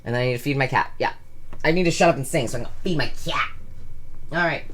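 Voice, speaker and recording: Hoarse, sleep-deprived rambling vlogger. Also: medium pitch, fast talker, a bit bright. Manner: giddy, scattered, sweary. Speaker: vlogger hosting a weekly singing stream. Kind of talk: rambling casual chat to camera. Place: hot room at home. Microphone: camera at close range.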